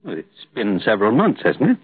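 An actor playing a kindly middle-aged boss in a 1950s radio drama, hesitant and sympathetic. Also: male voice, lowish voice, huge pitch swings, a little fast, husky, no echo, exaggerated voice. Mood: concerned. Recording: tinny old radio broadcast.

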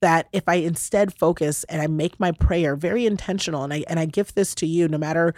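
Woman, podcast host, casual heartfelt chat, animated, gushing, dry close mic. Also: low-pitched, brisk, dry recording. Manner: animated, laughing, gushing storyteller. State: briefly choked up.

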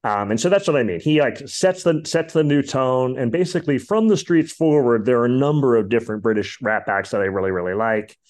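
A man's voice: medium pitch, a little fast, hardly any pauses, darkish tone. A man hosting a podcast, chatting casually about music in a rambling way with lots of fillers. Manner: rambling, many fillers and asides. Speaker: podcast host.

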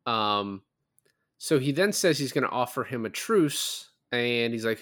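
A man's voice: medium pitch, animated, unhurried, fairly bright tone. A man co-hosting a podcast, casually recapping a film, rambling and laughing as he retells scenes. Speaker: podcast co-host. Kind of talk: casual movie recap chat.

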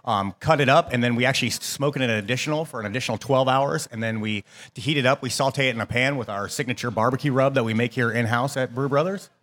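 A man's voice: medium pitch, quick pace, hardly any pauses, fairly bright tone. A middle-aged man from Ohio, a restaurant chef answering interview questions with frequent ums and restarts. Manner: hesitant, lots of ums and restarts.

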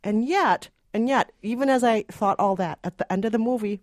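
A woman's voice: on the high side, normal speed, no echo, clean studio sound. A woman co-hosting a movie review podcast, talking casually and laughing easily. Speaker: podcast co-host, film critic.

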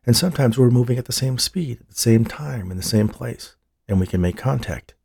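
Narrator doing a gentle male psychic, soft-spoken, dark-toned. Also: medium pitch, lively intonation, brisk, gravelly, a little hiss or hum, voice pushed up. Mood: soothing. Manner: soothing, gentle. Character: calm, smooth-talking male psychic medium.

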